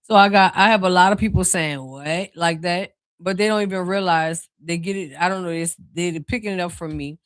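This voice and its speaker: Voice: medium pitch, smooth, dry recording. Reassuring tarot reader with a New Orleans accent. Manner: reassuring, speaks straight to the viewer; relaxed, drawn-out phrasing with many fillers. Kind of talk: casual spiritual card reading.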